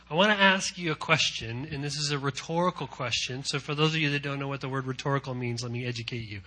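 A man preaching a sermon in a conversational way, swinging between hushed lines and loud emphatic ones, with repetition and asides. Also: mid-range voice. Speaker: pastor.

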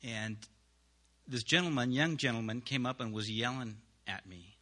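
A man, a missionary, giving an earnest spoken testimony to a congregation, halting with pauses and restarts. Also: mid-range voice, sharp tone.

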